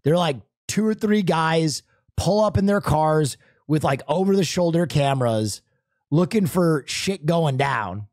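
A male streamer telling a story in casual chat, animated and profane, acting out sounds. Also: fairly high pitch, a little slow, no echo, studio quality.

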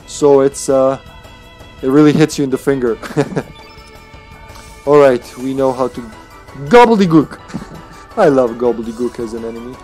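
A man's voice: mid-range voice, flat delivery, a little slow, pauses often, warm tone, faint music behind. A man chatting playfully and laughing as he plays a game on a live stream.

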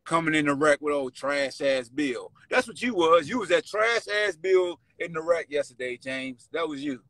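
A man hosting a sports podcast with a Virginia accent, taunting and shouting at players in casual trash talk. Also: a little high, normal speed, dry recording, poor audio. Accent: Virginia (757 area). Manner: loud, taunting, animated, shouts and laughs. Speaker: podcast host.

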